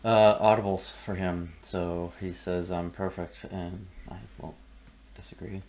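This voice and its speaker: A man's voice: deep voice, measured pace, a little hiss or hum. A man hosting a live art stream, chatting casually and joking around with his cohost. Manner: joking, relaxed banter. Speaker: host.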